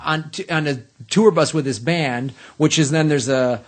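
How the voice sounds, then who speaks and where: A man's voice: a little high, normal speed. A man hosting a podcast in casual chat, retelling funny anecdotes loosely and with swearing. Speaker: podcast host.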